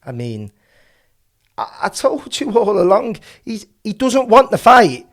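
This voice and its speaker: Male channel host with a high, lively voice; fired-up opinion piece, heavy on rhetorical questions. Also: a little slow. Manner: passionate, ranting with rhetorical questions. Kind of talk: opinionated commentary.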